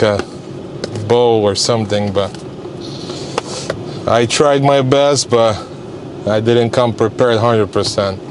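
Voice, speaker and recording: A man chatting casually in a vlog, relaxed and laughing often, recorded outdoors by a car. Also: mid-range voice, a little hiss or hum. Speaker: vlogger.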